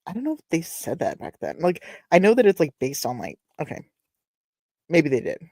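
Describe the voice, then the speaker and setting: A woman's voice: sits low, huge pitch swings, moderate pace, gravelly, a little mellow, no room sound. A woman from Texas reading a novel aloud on her show, breaking off to ramble, apologize and make wry asides, close to a desk webcam at home. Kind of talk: casual read-along with commentary.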